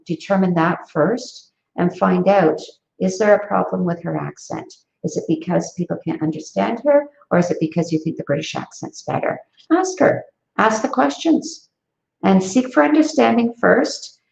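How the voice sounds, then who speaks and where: The founder of an education company gives earnest parenting advice during a live online Q&A over a video call, using many fillers and restarts. Her mid-range voice is creaky and a little mellow, and the audio is echoey, dull, and lo-fi.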